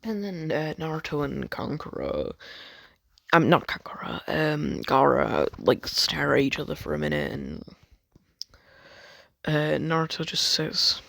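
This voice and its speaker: A man's voice: a little high, sing-song, measured pace, gravelly, sharp tone, no room sound, clean studio sound. A man rambling through a fan story, swearing a lot, cutting himself off and joking about it. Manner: rambling, sweary, self-interrupting, jokey.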